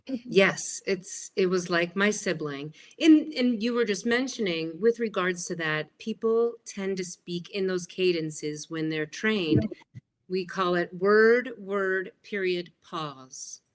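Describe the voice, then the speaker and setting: A woman in her fifties, an interview guest, telling childhood stories in an animated way and acting out the voices in them. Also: fairly low pitch, unhurried. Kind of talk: storytelling interview.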